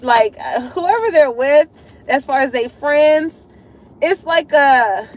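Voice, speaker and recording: A woman giving a casual tarot reading to her viewers, animated and slangy, laughing often. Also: high-pitched, takes it slowly. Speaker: tarot reader.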